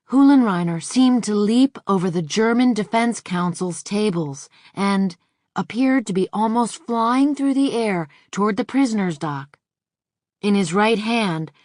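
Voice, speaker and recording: A woman reading a nonfiction audiobook in a measured, even scripted narration. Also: mid-range voice, dry recording, clean studio sound.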